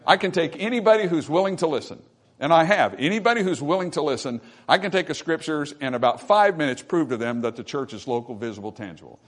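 Man preaching hard, slightly high voice, keeps repeating himself and tossing out amens. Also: lively intonation, fast. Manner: emphatic preaching with call-and-response "amen"; repeats phrases for emphasis. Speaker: pastor. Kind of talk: sermon.

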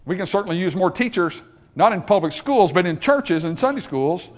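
A man's voice: high voice, expressive, brisk. An older man preaching a sermon as pastor, emphatic and repetitive, driving points home with rhetorical questions.

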